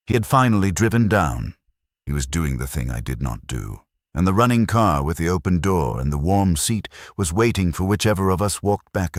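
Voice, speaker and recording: A man narrating a first-person horror story in a measured, somber, confessional way. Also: rumbling low, no room sound, studio quality.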